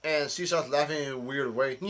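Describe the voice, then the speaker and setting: A man's voice: mid-range voice, a bit bright. A man casually recapping a comic chapter, rambling with many fillers and restarts. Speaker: channel host.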